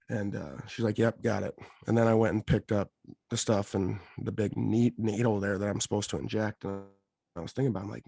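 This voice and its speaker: A man co-hosting a podcast, telling a long, rambling story in a casual, animated way. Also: fairly low pitch, brisk, gravelly, no echo. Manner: rambling, animated, quotes others in his telling. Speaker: podcast co-host.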